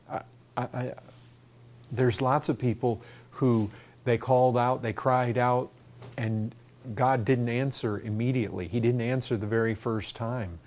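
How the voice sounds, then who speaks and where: A man's voice: mid-range voice, darkish tone. A man preaching a sermon, earnest and repetitive, building to fervent emphasis.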